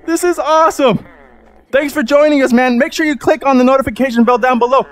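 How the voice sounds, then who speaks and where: A man hosting a live gaming stream, excitable and loud, hyping up his viewers as he plays. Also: very high-pitched, fast. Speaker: gaming livestream host. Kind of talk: live game commentary.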